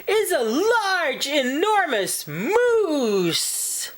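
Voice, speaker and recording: A woman voicing an excited little boy in a storybook read-aloud, calling out high and eager. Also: takes it slowly, full character voice.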